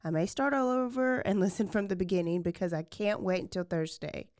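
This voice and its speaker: A woman's voice: medium pitch, expressive, a little fast, a little mellow, dry recording, studio quality. Laughing woman podcast co-host. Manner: friendly, laughs often, reads listener messages aloud. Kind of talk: casual chat.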